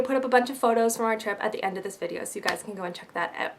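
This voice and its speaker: A woman's voice: medium pitch, very fast, hardly any pauses. A bubbly young woman from Canada chatting through a shopping haul in a casual vlog, joking at her own expense. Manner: bubbly, chatty, self-mocking. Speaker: beauty vlogger.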